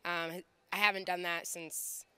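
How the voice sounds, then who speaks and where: A woman in her thirties from Ohio talks candidly and with humor in a casual interview. Her voice is very bright and clean. She keeps it loose and chatty. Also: fairly low pitch, level tone, a little slow, smooth, dry recording. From USA (Ohio). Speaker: interviewee, fighter.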